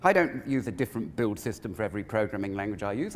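Animated man giving a keynote in a hall. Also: fairly low pitch, quick pace, slight background noise. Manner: animated, conversational, digressive. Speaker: keynote speaker. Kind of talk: conference keynote talk. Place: large conference hall. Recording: long reverb of a conference hall.

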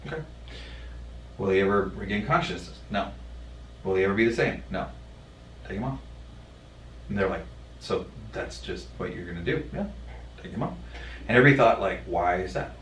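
Blunt cussing guy, real low voice, halting, lots of ums, mic off a ways with faint hum behind. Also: lively intonation, fairly bright tone. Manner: blunt, profane, halting with many fillers. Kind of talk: candid storytelling in a podcast conversation. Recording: roomy sound from a distant mic.

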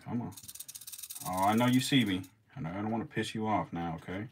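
A man's voice: fairly low pitch, fairly quick, long pauses, a little hiss or hum. A man filming his snakes as they feed, laughing, swearing and talking straight to the animals in a casual vlog.

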